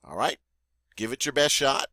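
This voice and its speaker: A man with a bright, forward voice runs a French vocabulary lesson, saying each word slowly and clearly and leaving room for students to repeat. His delivery is friendly and encouraging, with a lively, rising and falling pitch. The sound is dry and close, with no room echo. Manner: slow, deliberate model pronunciation with pauses for repeating. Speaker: French teacher.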